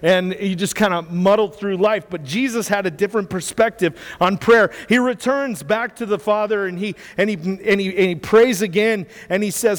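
A man's voice: high-pitched, moderate pace, hardly any pauses, big-room sound. A man preaching a sermon in a conversational way, often stumbling over repeated words and checking in with his listeners. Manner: conversational, repeats words and asks the audience "right?".

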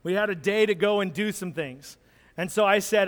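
High-voiced pastor telling a story. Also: male voice, brisk. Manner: animated storyteller, acts out moments. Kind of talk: sermon storytelling with slides. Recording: long hall reverb.

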